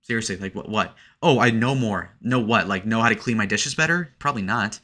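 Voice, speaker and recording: Sarcastic young man with a bright voice. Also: lowish voice, a little fast. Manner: crude, sarcastic, filler-heavy with "like". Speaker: online commentator. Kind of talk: casual reaction commentary.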